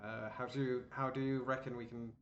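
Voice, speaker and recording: A man playing in a tabletop game, talking casually and haltingly, repeating words as he plans. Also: medium pitch, little pitch movement, a little hiss or hum. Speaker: player. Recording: dull lo-fi mic.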